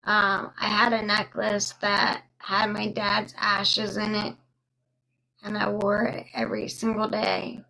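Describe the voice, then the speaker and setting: A young woman telling a personal story on a live stream, slow and halting with many pauses and fillers, stopping now and then to thank viewers. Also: mid-range voice, monotone, creaky, sharp tone, low-quality recording.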